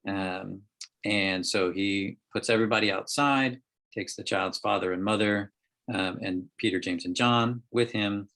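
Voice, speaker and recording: A man leading a Bible study over a group call, explaining scripture in a halting way with many ums and restarts. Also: lowish voice, fairly bright tone. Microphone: call microphone.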